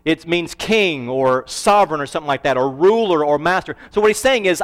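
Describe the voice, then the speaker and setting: A male pastor preaching a sermon earnestly, slowing down to stress key phrases. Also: fairly high pitch, animated. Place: church sanctuary. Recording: reverberant church hall.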